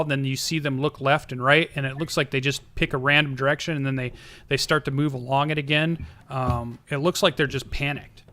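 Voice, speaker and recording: A man's voice: fairly high pitch, fairly bright tone. A man narrating as game master, easygoing and prompting players with questions.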